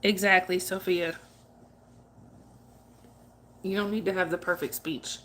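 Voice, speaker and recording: A woman's voice: lowish voice, steady tone, unhurried, fairly bright tone, slight background noise. A woman hosting a casual livestream, chatting with viewers by name, comforting them and laughing often. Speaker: livestream host. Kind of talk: casual livestream chat reading viewer comments.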